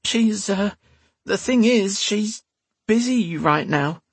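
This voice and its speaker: A man's voice: high voice, big pitch swings, normal speed, creaky, breathy edge, no echo, pitched above the performer's own voice, full character voice. A man voicing a frightened young serving girl in a storybook who talks in a whiny, stammering voice. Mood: nervous, pleading.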